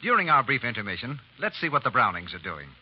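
A male radio announcer with a smooth, polished scripted delivery. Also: mid-range voice, sing-song, fast talker, heavy background noise. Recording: dull old radio broadcast. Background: music.

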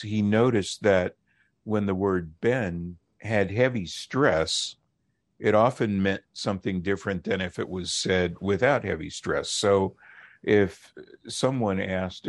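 A middle-aged man, a linguist guest on a radio interview, explaining in a measured, lecturing way and slowing down to stress key words. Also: low-pitched, no room sound.

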